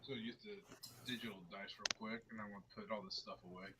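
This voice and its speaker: A man's voice: fairly low pitch, level tone, fast talker, heavy background noise. A man playing in a tabletop game, chatting casually and easygoing. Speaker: player.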